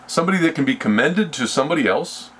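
A man leading a Bible study, speaking slowly and deliberately and often restarting his sentences. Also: on the high side, expressive, a bit bright, slight background noise. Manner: slow and deliberate, with frequent restarts. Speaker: Bible teacher.

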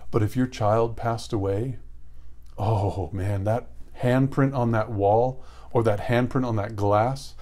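A man preaching a sermon, retelling a scripture story earnestly with rhetorical questions and dramatic pauses. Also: mid-range voice, steady tone, a little mellow.

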